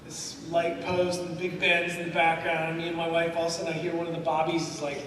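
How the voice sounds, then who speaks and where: A man with a high voice tells animated, laughing stories to a fan panel, acting out what others said. He sounds distant from the mic in a big echoing convention hall, with steady crowd noise behind him. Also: fast.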